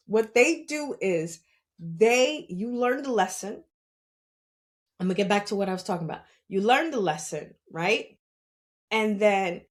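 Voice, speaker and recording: Animated New York woman telling her story. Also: on the high side. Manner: animated storytelling with frequent laughs; blunt and salty. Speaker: podcast host. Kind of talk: casual spiritual monologue.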